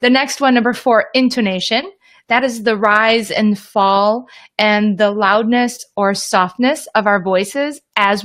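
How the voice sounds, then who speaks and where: A woman's voice: fairly high pitch, a bit bright. A woman hosting a live online teaching session, explaining reading skills in an upbeat, chatty way and greeting viewers by name. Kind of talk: casual teaching livestream.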